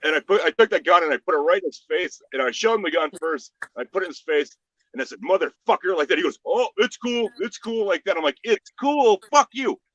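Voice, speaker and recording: A man hosting a casual livestream, telling stories in a profane, animated way. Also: fairly high pitch, rapid-fire, no room sound, lo-fi sound. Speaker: livestream host. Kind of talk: casual chat.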